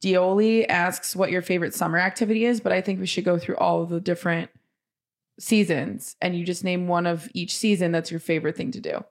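A woman's voice: on the low side, steady tone, brisk. A woman co-hosting a podcast, playful and teasing, reading out listener questions. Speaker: podcast co-host.

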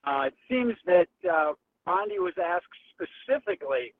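A man calling in to a radio talk show, halting with many fillers. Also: high voice, animated. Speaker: caller. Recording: phone line.

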